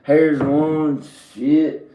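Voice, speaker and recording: A man's voice: fairly high pitch, flat delivery, very slow, echoey room, dull audio. A man from Virginia telling a rambling, profane comedic monologue and laughing at his own jokes. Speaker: comedic storyteller. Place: indoor room with drum set and speakers.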